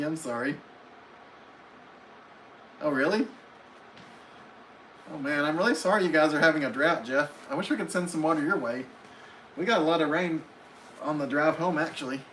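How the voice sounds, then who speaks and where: A man's voice: a little high, a bit bright, a little hiss or hum, rough recording. A man hosting a casual live stream from home, reading viewers' comments aloud and answering each one in a friendly, chatty way.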